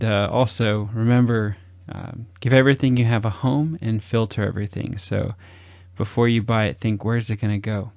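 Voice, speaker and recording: A man's voice: dry recording, muffled recording. A man giving casual communication advice, acting out examples with big swings in his voice. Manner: energetic, acts out examples with big pitch swings. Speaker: communication coach. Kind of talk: casual advice talk to camera.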